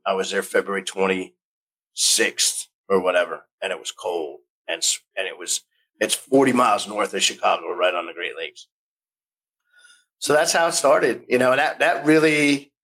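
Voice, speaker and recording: A man's voice: mid-range voice, sharp tone, poor audio. A man in his fifties from the United States, a podcast guest telling rambling stories, restarting sentences and acting out the voices he quotes. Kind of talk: casual storytelling interview.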